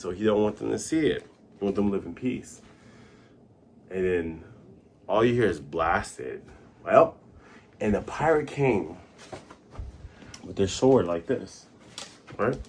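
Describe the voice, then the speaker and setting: Animated man recapping a comic. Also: lowish voice, husky. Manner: animated, doing sound effects and character voices. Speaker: comic reviewer and host.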